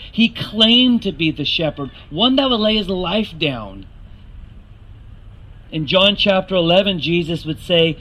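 A man's voice: high-pitched, sharp tone, low-quality recording. A man preaching a sermon, earnest and rising to emphatic questions to the congregation.

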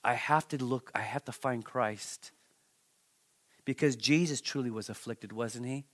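A man's voice: mid-range voice, unhurried. A man preaching a sermon, reading scripture with dramatic emphasis and turning to the congregation with conversational asides. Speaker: pastor.

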